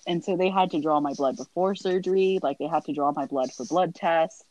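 Young woman telling animated stories, dry sound. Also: low voice, brisk, dry recording, dull audio. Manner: animated storyteller, acts out family quotes, sighs and laughs often. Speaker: guest. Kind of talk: casual podcast chat.

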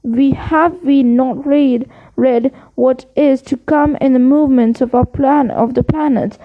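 A woman's voice: sits high, steady tone, a little slow, narrow, tinny audio. Woman doing a stern, angry centaur. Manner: stern, growling rebukes. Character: proud, angry male centaur.

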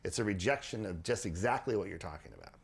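Low gravelly man explaining casually. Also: quick pace. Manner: animated, restarts and repeats words. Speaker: podcast host.

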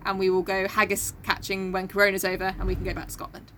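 A woman's voice: mid-range voice, monotone, fast, sharp tone, slight background noise. A young woman co-hosting a podcast in casual chat, joking and laughing often. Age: young adult. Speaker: podcast co-host.

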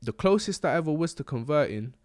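A man's voice: on the high side, lively intonation, brisk, darkish tone. Slangy young man, rambling. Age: young adult. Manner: slangy, rambling, laughs often. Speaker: podcast host. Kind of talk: casual chat.

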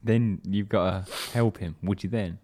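A man's voice: sits low, fairly even intonation, normal speed, darkish tone. A young man co-hosting a podcast, rambling through crude hypotheticals in casual banter and laughing easily. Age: young adult. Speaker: podcast co-host.

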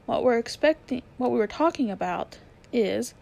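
A woman's voice: on the high side, expressive, normal speed, gravelly, dark tone, lo-fi sound. A woman voicing a stubborn, curious young boy who speaks loftily and obstinately in a storybook reading. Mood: lofty. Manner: lofty and obstinate.

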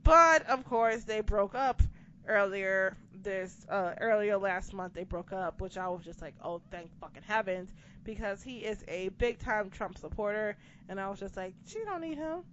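A woman's voice: medium pitch, unhurried. Woman, casual podcast chat, sarcastic, profane, muffled lo-fi sound. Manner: profane, sarcastic, animated retelling. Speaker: podcast co-host. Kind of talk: casual wrestling recap chat. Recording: dull lo-fi sound with background noise.

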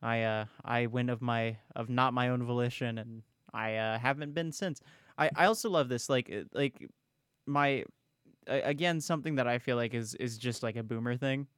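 A man's voice: mid-range voice, moderate pace, clear, resonant tone, no echo, clean studio sound. Swearing young man chatting on a podcast. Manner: animated, swears a lot, says "bro" and "dude". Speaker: podcast co-host. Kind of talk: casual chat.

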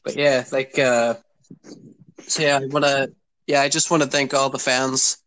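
A man's voice: mid-range voice, flat delivery, normal speed, a bit bright, poor audio. A man in his twenties hosting a casual podcast. He rambles with many fillers and keeps asking "you know what I mean". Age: 20s. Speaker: podcast host.

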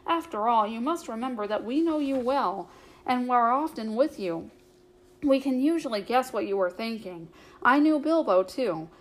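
A woman's voice: fairly high pitch, close to an everyday voice. A woman reading as Merry, a shrewd young hobbit. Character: young male hobbit, shrewd and caring friend.

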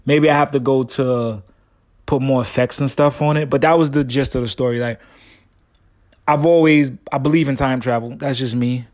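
A man's voice: mid-range voice, fairly even intonation, moderate pace, darkish tone. Rambling slangy male podcast host. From family from Guyana. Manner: rambling storyteller, slangy, many restarts. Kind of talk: casual solo podcast monologue.

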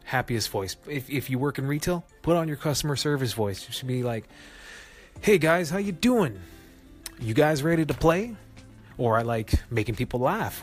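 A man hosting a casual solo gaming podcast, chatty and self-mocking, often jumping up in pitch to stress a point. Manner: chatty, self-mocking, laughs at his own jokes; animated, jumps up in pitch for emphasis. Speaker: podcast host.

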